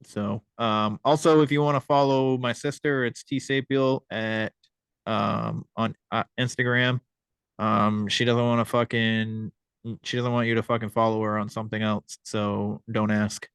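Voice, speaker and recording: A man's voice: fairly low pitch, level tone, a little slow, creaky, fairly bright tone, clear, resonant tone, no room sound, clean studio sound. Laid-back male podcast host. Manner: laid-back, filler-heavy. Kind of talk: casual chat.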